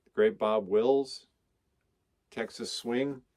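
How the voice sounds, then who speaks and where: A man talking casually about his records at a mid pitch. He rambles along with enthusiasm and stops to list song titles as he goes. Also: steady tone, slow, a little mellow. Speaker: record collector vlogger. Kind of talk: casual chat showing records.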